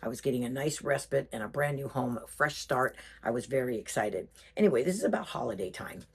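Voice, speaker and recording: Storyteller: low-voiced woman, husky tone, very lively delivery, chatty and emphatic. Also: a little fast. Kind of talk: personal storytelling.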